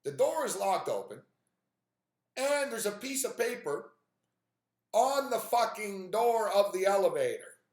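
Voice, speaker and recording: A man's voice: high voice, sing-song, unhurried, pauses often, a little mellow, roomy sound. A man hosting a live stream, telling an exasperated, profane story with lots of fillers. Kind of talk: profane ranting monologue.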